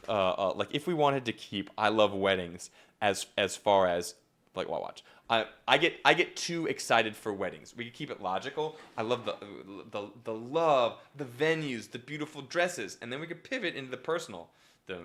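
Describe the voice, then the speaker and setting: A young man coaching comedy writing on a live stream, talking casually with lots of fillers and restarts and jumping into acted-out bits. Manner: animated, jumps into acted-out bits with big pitch swings; repetitive fillers (yep, okay), restarts.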